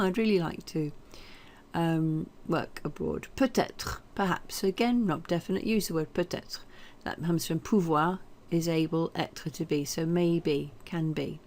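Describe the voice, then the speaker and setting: A woman with a somewhat low voice runs a French lesson. She talks in a chatty, explanatory way, full of fillers and small hesitations. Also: measured pace, darkish tone. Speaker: French teacher. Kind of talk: recorded language lesson.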